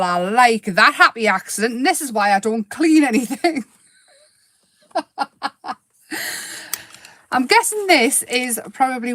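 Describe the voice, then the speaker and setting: A woman's voice: fairly high pitch, a bit bright, no room sound. Chatty woman demonstrating crafts. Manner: chatty, giggly, talks while painting. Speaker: craft demonstrator hosting a weekly live. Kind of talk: casual live craft demo.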